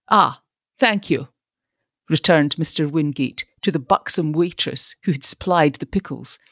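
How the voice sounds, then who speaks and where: A woman's voice: low-pitched, no room sound, studio quality. A woman narrating an audiobook, reading expressively.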